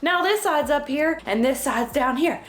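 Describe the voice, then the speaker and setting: A woman's voice: sits high, lively intonation, moderate pace. Southern woman with a slight lisp, roomy echo. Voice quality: slight lisp from a dental flipper. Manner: self-deprecating, jokey, talks to herself. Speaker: vlogger. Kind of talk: casual rambling chat while baking. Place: home kitchen.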